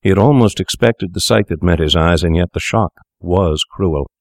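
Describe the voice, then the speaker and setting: A man narrating a story aloud in a measured, deliberate storytelling manner. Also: deep voice, no room sound, studio quality. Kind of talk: scripted narration.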